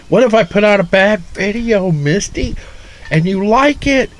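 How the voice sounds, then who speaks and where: A man's voice: sits high, rough recording. A man from Ohio hosting a casual livestream from his front porch, rambling, chuckling often and greeting viewers by name. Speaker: livestream host.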